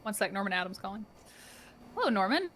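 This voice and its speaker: A chatty woman talks in character in a role-play game, spinning animated stories. Her voice sits at an ordinary middle pitch, with faint noise underneath. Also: fast talker.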